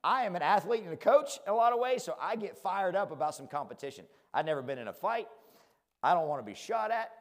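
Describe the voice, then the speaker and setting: A man's voice: high-pitched, expressive, fast, long reverb tail. A man with a rural American country accent, preaching a conversational sermon, fired-up and self-deprecating, often asking his listeners "right?". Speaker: pastor.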